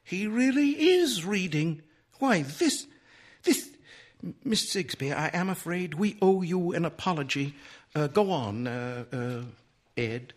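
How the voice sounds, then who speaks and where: A man voicing an indignant, haughty older woman in a shrill, pompous manner. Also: very animated, slow, exaggerated voice. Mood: astonished.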